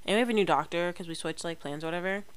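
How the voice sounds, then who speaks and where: A young woman vlogger chats casually to her camera, rambling with lots of fillers, restarts and self-corrections. Her lowish voice is smooth and rapid-fire, with no room sound.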